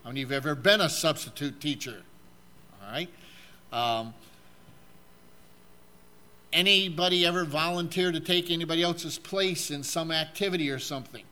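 A man's voice: fairly high pitch, sharp tone. A man preaching a sermon, asking the congregation questions and reading scripture aloud, with frequent fillers. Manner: asks the audience questions, halting with fillers.

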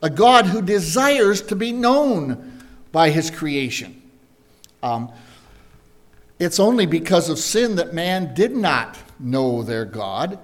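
A man preaching a verse-by-verse Bible lesson, slowly and deliberately, asking his listeners questions as he goes. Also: fairly high pitch, very animated. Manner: slow, deliberate, asks the congregation questions. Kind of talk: Bible teaching sermon.

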